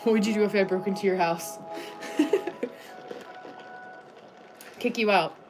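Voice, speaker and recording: A middle-aged American woman hosting a casual livestream, chatting and reading viewers' names aloud in a friendly way, with soft music behind her. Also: medium pitch, brisk. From United States. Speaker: livestream host.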